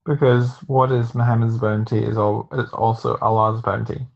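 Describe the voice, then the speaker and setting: A man's voice: mid-range voice, little pitch movement, moderate pace, vocal fry. A man joining a live stream by call, giving short, hesitant answers to the host's questions. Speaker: guest on a call. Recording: echoey, dull call audio.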